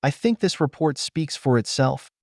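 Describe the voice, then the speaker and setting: A man reading as a betrayed husband who speaks calmly, coldly and with sarcasm in an audio story. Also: a little high, normal speed, dry recording, clean studio sound, pitched above the performer's own voice. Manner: calm, cold, sarcastic. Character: cold, betrayed middle-aged husband.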